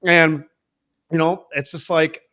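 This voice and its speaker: A man's voice: a little high, fairly even intonation, slow, bright, forceful tone. A man on a podcast as a guest, talking casually in a profane, emphatic, rambling way about selling. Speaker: podcast guest, head of sales.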